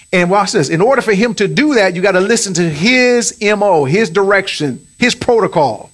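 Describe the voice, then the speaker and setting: A man preaching on marriage as pastor, with emphatic lines that rise on key points. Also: high-pitched. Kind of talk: sermon on marriage.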